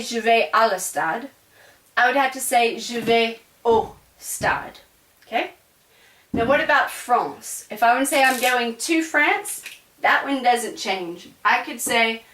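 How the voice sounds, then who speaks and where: A woman's voice: a little high, fairly bright tone, distant mic. A woman teaching a French grammar lesson in a chatty classroom manner. She often stops to check in with her students. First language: English. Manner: chatty, explaining with frequent "right?" check-ins. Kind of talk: classroom lecture. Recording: echoey room, voice away from the mic.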